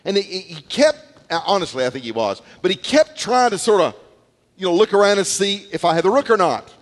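Middle-aged man, pastor, animated sermon storyteller, somewhat high voice, echoing church hall. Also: fairly quick. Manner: animated storytelling, repeats words, acts out quotes. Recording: long hall reverb.

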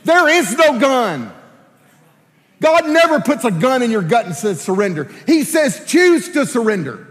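Male pastor, high and lively voice, preaching in a hall with long reverb. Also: measured pace. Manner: animated, acts out prayers in playful voices. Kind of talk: sermon.

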